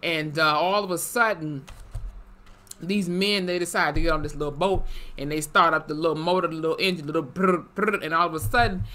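Young female vlogger, bright edgy tone, animated profane recap delivery. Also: sits low, fairly quick. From Wisconsin, USA. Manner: animated, swearing, lively asides. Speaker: YouTube TV reviewer. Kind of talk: casual episode recap.

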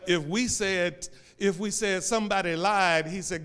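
A male pastor preaching a sermon, swinging between loud calls and hushed, drawn-out lines. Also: sits high, lively intonation. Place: church sanctuary. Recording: reverberant church sanctuary.

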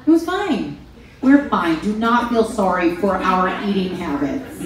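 A woman's voice: medium pitch, very animated, unhurried. A bubbly woman chats and teases, her voice rising and falling freely. She sounds distant in a very echoey space, with a crowd murmuring behind her. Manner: bubbly, teasing, laughing. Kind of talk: casual chat. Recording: echoey room from far off, with a crowd.

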